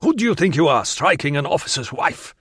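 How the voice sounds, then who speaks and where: A man voicing a gruff, bullying soldier guarding a fort gate, in an audiobook reading. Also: fairly high pitch, brisk, no room sound, studio quality, pitched above the performer's own voice, natural voice.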